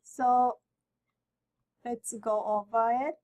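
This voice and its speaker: A woman with a Japanese accent, a native Japanese speaker, teaching a beginner language lesson and repeating each word slowly and carefully. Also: a little high, steady tone, a little mellow, low-quality recording. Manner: slow and careful, repeating words for the learner.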